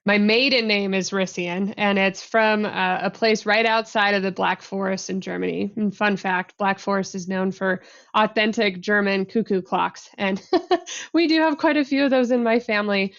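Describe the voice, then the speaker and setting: A woman's voice: medium pitch, steady tone, normal speed, fairly bright tone. Female interview guest, friendly and easygoing, slightly muffled lo-fi audio. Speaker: podcast guest. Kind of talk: casual interview answers.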